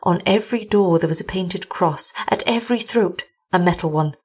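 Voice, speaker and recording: A woman reading a gothic short story aloud as host of a story show. Her delivery is measured and deliberate, with a husky, breathy edge. Her voice sits fairly low for a woman. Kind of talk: scripted story narration.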